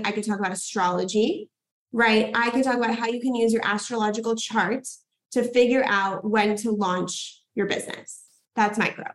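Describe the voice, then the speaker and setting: A woman's voice: a little high, rough recording. A young woman hosting a workshop as a podcast coach, enthusiastic and hyped, swearing casually as she cheers people on.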